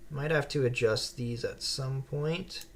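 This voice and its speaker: Building a Lego set on a casual live stream, this host chats and reads out viewer comments. He talks unhurriedly at medium pitch, with slight background noise present.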